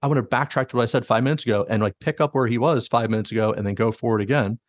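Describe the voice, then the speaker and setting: A man's voice: medium pitch, racing, no room sound, clean studio sound. A man hosting a podcast, casually retelling stories with many likes and quoted asides. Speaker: podcast host. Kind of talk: casual storytelling.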